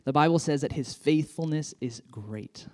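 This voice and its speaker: A man's voice: a little high, moderate pace, a little mellow. A man, a children's pastor, giving a sermon in an enthusiastic, conversational way with frequent fillers.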